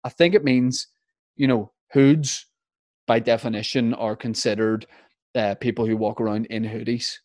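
A man's voice: mid-range voice, fairly even intonation, moderate pace, darkish tone, dry recording, clean studio sound. A man with a Northern Irish accent hosting a casual interview, chatty and rambling with lots of fillers.

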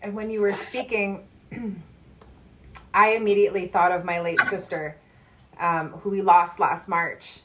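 A woman's voice: medium pitch, fairly even intonation, measured pace, pauses often, fairly bright tone, slight background noise. A woman speaking thoughtfully and with some hesitation in a personal conversation. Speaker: conversation partner.

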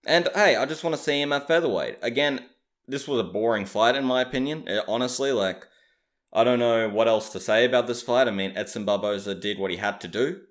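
A man's voice: mid-range voice, a little fast. Chatty man giving fight opinions. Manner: opinionated, chatty, hedges his claims. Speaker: MMA commentator. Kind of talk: casual fight recap.

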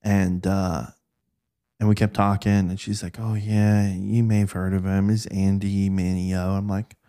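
A man's voice: low-pitched, measured pace. A man casually telling stories from an old job, acting out the people he quotes. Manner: animated, acts out quoted voices. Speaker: podcast guest recounting work stories. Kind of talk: casual storytelling chat.

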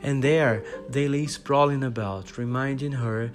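A man's voice: medium pitch, a little slow. Man, podcast host, upbeat, reads a storybook aloud, music behind. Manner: upbeat, chatty greetings, then steady reading. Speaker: podcast host and English teacher. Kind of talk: podcast lesson and read-aloud storybook narration.

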